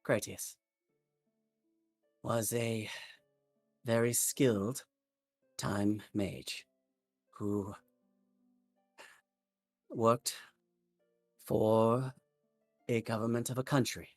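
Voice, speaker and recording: A stern, time-worn wizard recalls old deeds in a slow, low voice with long pauses, as a game master puts him on. The sound is dry and close, with no room in it. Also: male voice, fairly even intonation, no room sound, soft background music, exaggerated voice. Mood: solemn. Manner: slow, measured storytelling with pauses. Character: stern time-worn male wizard telling his past.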